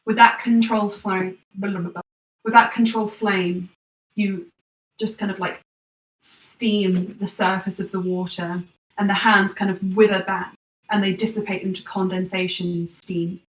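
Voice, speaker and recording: A woman's voice: mid-range voice, flat delivery, measured pace, recorded from a distance. A woman narrating a tabletop game as game master, describing scenes with lots of fillers. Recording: echoey room, voice from off-mic.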